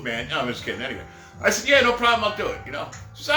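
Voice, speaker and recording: A man's voice: high voice, sing-song, very fast, bright, forceful tone. A middle-aged man telling rambling, jokey stories on a live stream and laughing at his own jokes, recorded in an echoey room with faint music behind. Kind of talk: casual storytelling.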